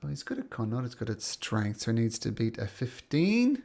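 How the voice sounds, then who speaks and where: Animated, gravelly male game master. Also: medium pitch, moderate pace. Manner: upbeat, laughing narration. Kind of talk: running a tabletop game.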